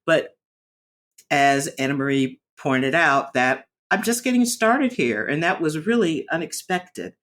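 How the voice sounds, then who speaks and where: A woman speaking candidly in a personal vlog, reflective and earnest, often pausing and restarting her sentences. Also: deep voice, expressive, fairly bright tone. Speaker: vlogger sharing a personal story.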